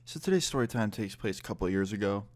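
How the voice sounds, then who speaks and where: A man's voice: on the low side, quick pace. Young man swearing through a storytime. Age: about 20. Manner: swears freely, lively retelling. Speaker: vlogger telling a story. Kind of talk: casual storytime.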